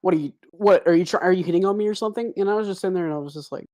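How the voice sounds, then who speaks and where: A man's voice: high-pitched, very fast, darkish tone. A young man telling a long, profane story in a casual voice chat with friends, laughing as he goes.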